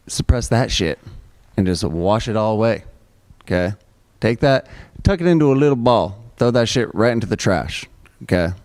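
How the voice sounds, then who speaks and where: A man's voice: on the low side, darkish tone, no room sound. A man co-hosting a casual talk, giving a blunt pep talk. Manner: blunt, pep-talk, repeats "you need to". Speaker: co-host. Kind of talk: casual motivational chat.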